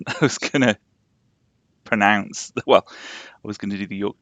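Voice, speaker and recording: On a casual game stream, a young Yorkshireman with a somewhat posh accent talks in a rambling way and laughs a lot. His voice is fairly low, unhurried, and a bit bright, with no echo.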